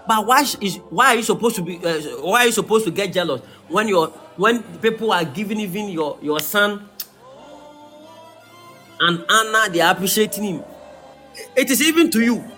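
High-pitched preacher. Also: male voice, moderate pace, faint music behind. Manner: preaching with sudden shouts and sung phrases. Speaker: pastor. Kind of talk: sermon.

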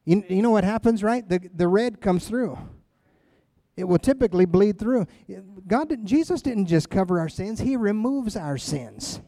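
A man's voice: high voice, animated, moderate pace, mellow, dry recording. A man giving a sermon as a pastor, speaking in an emphatic, conversational way and often repeating phrases.

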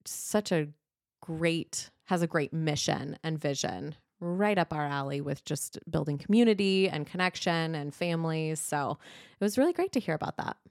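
Woman podcast host, casual chat, laughs a lot, lower pitch, dry mic. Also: moderate pace, few pauses, a little mellow, dry recording. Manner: chatty, laughs often, filler "like".

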